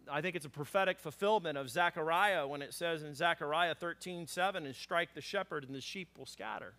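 A man preaching a sermon as pastor, conversational and animated, with frequent fillers and acted-out lines for scripture characters. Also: on the high side. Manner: acts out scripture characters in a raised voice.

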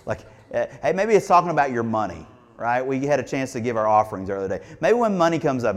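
Animated preacher in a reverberant church. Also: male voice, medium pitch, fast talker. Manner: conversational preaching, asks the congregation questions. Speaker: pastor. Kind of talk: sermon. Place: church sanctuary.

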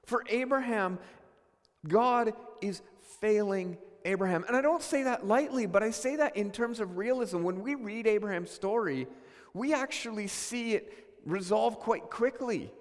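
High-voiced male preacher in reverberant hall. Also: measured pace. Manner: earnest, questioning, with many restarts. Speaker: pastor. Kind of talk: sermon.

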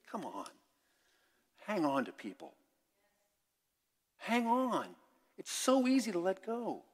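An older man preaching a sermon as pastor, candid and conversational, swinging between loud and hushed. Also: on the high side. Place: church sanctuary. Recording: long church reverb.

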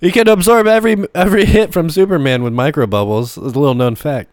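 A man's voice: fairly high pitch, fast talker, darkish tone, no echo, clean studio sound. A man co-hosting a podcast, rambling through ideas in casual chat and laughing often. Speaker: podcast co-host.

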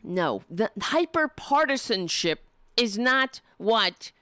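A woman's voice: a little high, animated, takes it slowly, fairly bright tone, dry recording, studio quality. A young adult woman hosting a political show from home, reading an op-ed aloud and breaking in with sarcastic, profane commentary while losing her voice. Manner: sarcastic, profane, interrupts herself.

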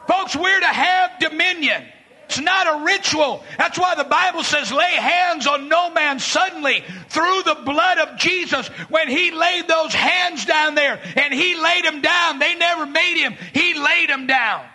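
A man preaching a fiery sermon, telling stories from his street and jail ministry and shouting his main points. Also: very high-pitched, a little slow. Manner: shouting bursts, dramatic retelling with voiced quotes.

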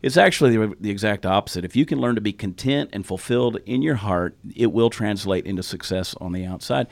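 A man's voice: on the low side, brisk, gravelly, dry recording. A man with a Southern Texas accent hosting a podcast, telling stories in a folksy, casual way. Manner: storytelling, folksy. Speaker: podcast host.

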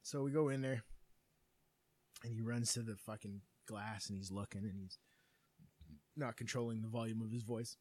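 A man's voice: lowish voice, steady tone, normal speed, pauses often, a little mellow. A man in his thirties, a podcast co-host telling a long story in casual, profane chat.

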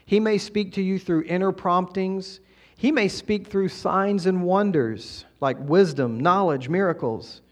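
A middle-aged man preaches a Sunday sermon in a church sanctuary, his voice sitting a little high for a man. He talks to the congregation conversationally and drops in quick asides to keep them with him. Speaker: pastor.

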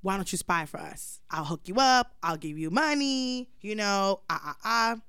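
A woman's voice: mid-range voice, lively intonation, normal speed, a bit bright, clean tone, no echo, studio quality, lightly acted. A woman voicing a sly, scheming male spy in a casual, conniving way.

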